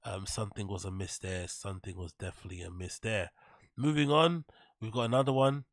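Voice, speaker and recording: A man's voice: lowish voice, fairly quick, no echo, clean studio sound. A man hosting a commentary show, mocking and ranting sarcastically with plenty of swearing. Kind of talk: reaction commentary.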